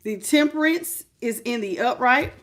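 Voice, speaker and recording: A woman's voice: on the high side, a little slow. Chatty woman tarot reader on a livestream. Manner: warm, chatty, greets viewers by name, calls them baby; prayerful invocation. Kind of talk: casual livestream chat and tarot reading.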